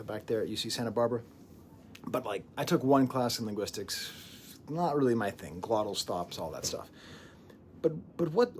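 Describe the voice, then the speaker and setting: Animated man chatting through an album review. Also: mid-range voice, slight background noise. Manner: animated, digressive, laughs often, breaks into whispers. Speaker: music reviewer.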